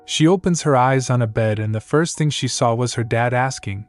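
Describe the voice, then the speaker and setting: A man narrating a comic story recap in a plain, steady, slightly stilted reading. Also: medium pitch, normal speed. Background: faint music.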